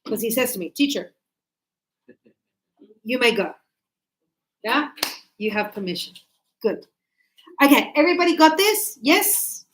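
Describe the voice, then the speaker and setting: Aussie woman teaching to a class, chatty, kinda high voice, does bird noises to explain stuff. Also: a little slow, pauses often, low-quality recording. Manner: chatty, animated, imitates birds and students. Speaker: English teacher.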